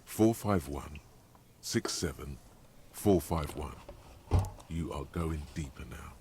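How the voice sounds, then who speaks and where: A man voicing a brooding game narrator, speaking in slow, ominous second person with a deep, gravelly voice. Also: lively intonation, background noise, exaggerated voice. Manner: slow, ominous, dramatic pacing. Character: brooding omniscient male narrator voice.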